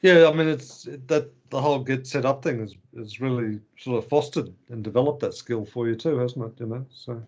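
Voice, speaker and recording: A man's voice: medium pitch, fairly quick, few pauses. Murmuring man on a dull-sounding call. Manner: supportive listener, many soft murmurs of agreement. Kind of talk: casual conversation.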